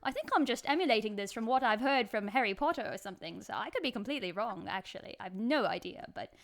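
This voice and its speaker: A woman's voice: on the high side, animated, quick pace. A woman putting on a giggly mock-British accent. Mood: playful. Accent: put-on British. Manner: giggly, breaks into laughter.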